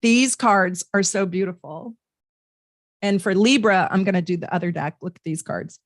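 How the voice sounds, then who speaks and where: A woman's voice: fairly low pitch, moderate pace, no echo, clean studio sound. Bubbly woman hosting a live tarot reading. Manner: bubbly and chatty, reads viewer comments aloud, laughs often. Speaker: astrologer and tarot reader hosting a live stream. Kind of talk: live-stream tarot reading, chatting with viewers.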